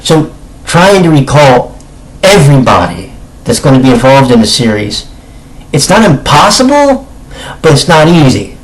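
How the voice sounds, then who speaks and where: Slightly hoarse man chatting through a review. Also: medium pitch, sing-song, normal speed, long pauses, rough recording. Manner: chatty and emphatic, with frequent self-corrections. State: slightly hoarse, clearing his throat. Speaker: anime reviewer. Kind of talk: casual spoken video review.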